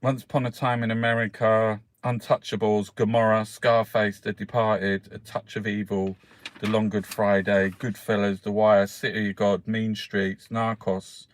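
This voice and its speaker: A man's voice: lowish voice, flat delivery, normal speed, no echo. Rambling, swearing Irish man. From Ireland. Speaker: host. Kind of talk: casual newspaper review chat.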